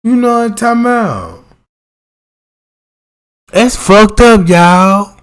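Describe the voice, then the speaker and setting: A man, talking loosely into his livestream in a somewhat high voice. He rambles, swears freely and keeps checking that his listeners follow him. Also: takes it slowly, smooth. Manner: loose, profane, keeps asking "you know what I'm talking about". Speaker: livestream host. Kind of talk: casual livestream commentary.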